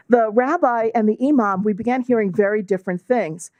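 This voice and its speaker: A middle-aged woman with a New York accent giving a measured, explanatory lecture as a guest speaker, using fillers now and then. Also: a little high, a little mellow, no echo. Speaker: guest speaker, law and bioethics professor. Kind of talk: lecture to a club audience.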